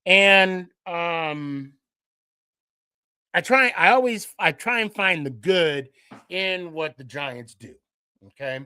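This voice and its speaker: An excitable podcast host from the Dallas-Fort Worth area delivers a casual, rambling monologue, speaking slowly with frequent pauses and his voice jumping higher when he gets animated. He repeats himself and is full of restarts and fillers. The sound is smooth, with no echo.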